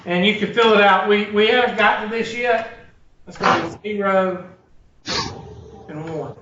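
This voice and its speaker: A man with a high voice teaches a math class at normal speed against a noisy background. He is blunt and joking, a storyteller who wanders into digressions during the lecture, captured in a roomy, distant, dull lo-fi room recording.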